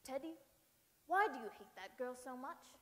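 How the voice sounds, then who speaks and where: A woman voicing a kindly old male parson who speaks softly and measuredly. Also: expressive. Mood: gentle. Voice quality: soft, lowered and measured. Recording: reverberant hall.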